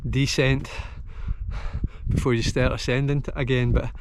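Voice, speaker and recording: A man's voice: medium pitch, little pitch movement, normal speed, noisy background. A middle-aged Scottish man talking casually to camera outdoors on a mountain ridge, tired from a long walk, rambling and heartfelt, with many restarts. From Scotland. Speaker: hillwalking vlogger.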